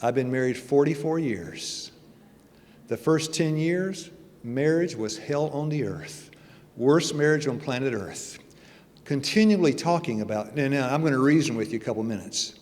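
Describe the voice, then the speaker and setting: With a darkish, medium-pitched voice at a moderate pace, a church elder in his sixties preaches as a guest speaker, keeping things folksy, jokey, and conversational as he tells his testimony. The sanctuary gives the recording a long reverb.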